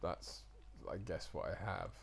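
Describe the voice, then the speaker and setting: A man with an RP accent in casual chat, chatty and animated, often imitating regional accents. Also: sits low, measured pace, vocal fry. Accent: Received Pronunciation.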